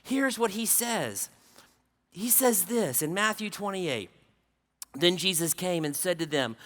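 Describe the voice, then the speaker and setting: A man's voice: high-pitched, expressive, unhurried, fairly bright tone. A middle-aged man preaching at a conference, emphatic, driving home key phrases by repeating them. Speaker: conference speaker. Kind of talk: sermon. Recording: long hall reverb.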